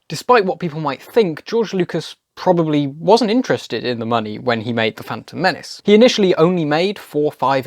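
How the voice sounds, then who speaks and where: A man narrating a scripted video essay, wry and opinionated, his pitch climbing and dipping freely from line to line. The voice sits close and dry, with no room around it. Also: no room sound.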